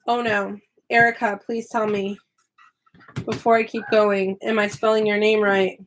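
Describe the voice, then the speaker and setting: A woman's voice: mid-range voice, little pitch movement, a little slow. A woman, an online English teacher and YouTuber, chatting on a live stream while crafting, chatty, apologetic and self-deprecating.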